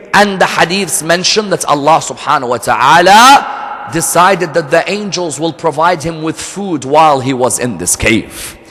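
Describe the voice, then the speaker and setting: A man's voice: high voice, bright, forceful tone. A man preaching a sermon and telling a story, earnest and fond of rhetorical questions to his audience. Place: hall of a religious center. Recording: echoey hall.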